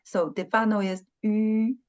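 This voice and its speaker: A woman teaching an online language lesson, talking slowly and patiently and repeating syllables and tones again and again. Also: mid-range voice, flat delivery, a little mellow, muffled recording. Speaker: Chinese teacher.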